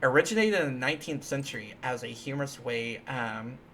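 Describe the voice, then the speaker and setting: Bright-voiced guy rambling on his stream, lots of ums and restarts, bit of faint noise behind. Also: mid-range voice, lively intonation. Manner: rambling, halting, playful, many restarts and fillers. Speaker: livestream host. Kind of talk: casual live-stream chat while coding.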